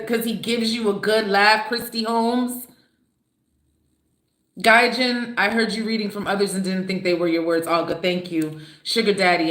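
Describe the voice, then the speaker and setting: A woman hosting a live reaction stream, reading viewers' comments aloud and answering them in an animated, talkative way. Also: medium pitch, reverberant. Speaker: livestream host.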